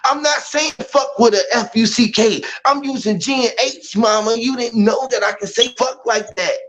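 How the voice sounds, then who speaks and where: A livestream host with a very high-pitched, slightly bright voice leads a casual chat at a moderate pace, animatedly telling profane stories and laughing often. The audio is dull, lo-fi stream sound.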